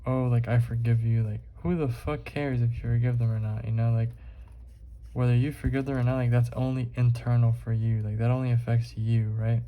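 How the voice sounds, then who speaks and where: A man's voice: mid-range voice, little pitch movement, fairly quick, narrow, tinny audio. A young man vlogging while he draws, rambling casually with lots of fillers and swearing. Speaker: art vlogger.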